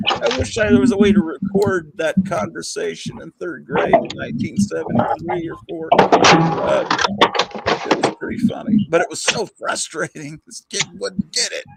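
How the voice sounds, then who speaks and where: A man's voice: high voice, creaky, very noisy. An older man hosting a casual chat, rambling with fillers and chuckles. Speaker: host.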